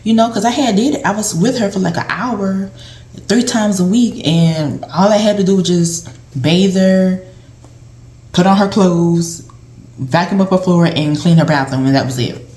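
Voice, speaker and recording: A woman's voice: lowish voice, normal speed, darkish tone. A woman who once worked as a home health aide, telling stories and giving tips in a rambling, conversational way with lots of fillers. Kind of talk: casual storytelling vlog. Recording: roomy echo.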